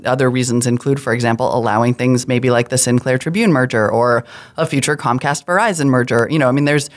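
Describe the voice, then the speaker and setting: A woman guest on a tech news roundtable, talking quickly in long explanatory runs with plenty of asides. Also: extremely low pitch. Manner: fast, animated explainer with asides. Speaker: guest commentator. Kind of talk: casual roundtable chat.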